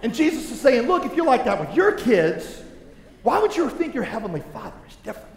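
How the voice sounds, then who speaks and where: A pastor in his thirties delivers a sermon in an extremely high-pitched voice at a fairly quick clip. He tells funny stories with animated humor, acting out different voices, and the echoey hall adds a long reverb.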